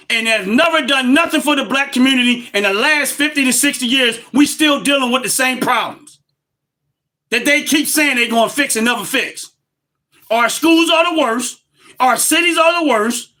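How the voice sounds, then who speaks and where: A man, hosting a livestream and ranting about politics loudly and emphatically, repeating his points. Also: very high voice. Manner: loud, emphatic and repetitive, laughs between points. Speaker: livestream host.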